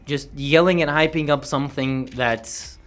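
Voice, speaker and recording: A man's voice: on the high side, fairly even intonation, unhurried, a bit bright. A man chatting casually on a livestream, laid-back, swearing and tripping over words.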